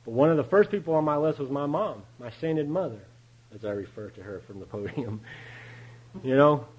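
Husky man telling a candid recovery story. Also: fairly high pitch, poor audio. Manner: candid, storytelling, chuckles often. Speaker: recovery meeting speaker. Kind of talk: personal testimony talk.

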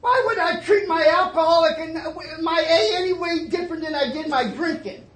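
A man's voice: extremely high pitch, moderate pace, a bit bright. Man telling his recovery story, echoey room. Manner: emotional, repetitive storytelling, rising to fervent emphasis. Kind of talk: twelve-step meeting talk. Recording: echoey meeting room, faint noise.

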